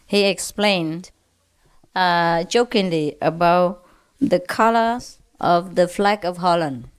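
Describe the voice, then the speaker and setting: A woman spiritual teacher telling funny stories to a gathering, laughing often and pausing with "uh". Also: lowish voice, clean tone. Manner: laughs often, with frequent "uh" pauses.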